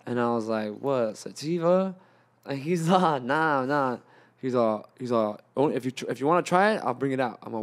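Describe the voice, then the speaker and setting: Young male podcast host, rambling and profane, mid-pitched, casual storyteller. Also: expressive, normal speed. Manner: rambling, profane, acts out friends' lines.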